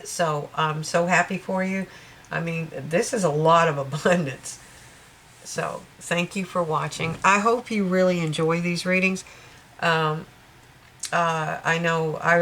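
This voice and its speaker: A woman's voice: low voice, steady tone, normal speed, creaky, fairly bright tone, a little hiss or hum. A woman giving a casual, rambling tarot reading, often checking in with her listener and laughing. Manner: rambling, chatty, with frequent check-ins and laughs. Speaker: tarot reader.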